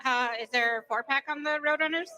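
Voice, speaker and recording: A woman's voice: high-pitched, fairly quick, bright, forceful tone. A woman playing a live bar game as a contestant, cheeky and confident in casual banter.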